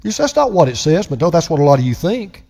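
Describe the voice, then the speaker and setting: An older man delivers a sermon from the pulpit, emphatic and slowing down to stress the lines that matter. His voice sits high and swings widely in pitch. A long reverb from the large church hall trails behind each phrase. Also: big pitch swings, gravelly, dark tone, slightly rough. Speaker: pastor.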